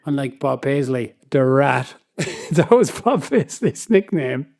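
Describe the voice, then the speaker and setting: Brief: male podcast co-host, mellow tone, dry close sound, curious and quick to laugh. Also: medium pitch, lively intonation, creaky, no echo. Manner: curious, laughs often, retells stories. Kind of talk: casual chat.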